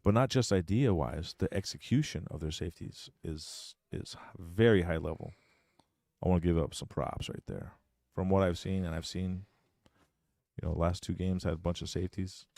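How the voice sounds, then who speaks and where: A man with a very low voice commentates a pool match, walking through each shot and speaking his mind bluntly. The sound is dry and close. He is quick with an opinion. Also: gravelly, darkish tone, dry recording. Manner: blunt, opinionated, explains shots step by step. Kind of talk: live sports commentary.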